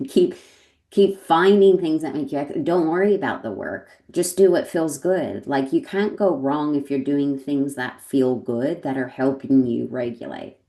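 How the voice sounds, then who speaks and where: A woman's voice: low voice, mellow. A woman talking as a guest in a thoughtful, reflective way, laughing often and trailing off mid-sentence. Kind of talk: reflective conversation. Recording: roomy echo.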